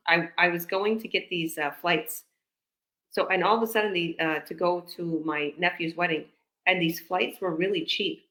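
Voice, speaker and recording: A woman business coach talks in a chatty, rambling way on a live video call, acting out little conversations as she goes. Her voice sits a bit low for a woman. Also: a bit bright. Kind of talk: casual live-stream chat.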